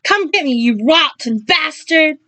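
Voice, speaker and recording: A woman's voice: on the low side, flat delivery, normal speed, a little mellow, no room sound, natural voice. A woman voicing a desperate young heroine who screams defiance at a monster, her voice cracking. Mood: screaming defiance.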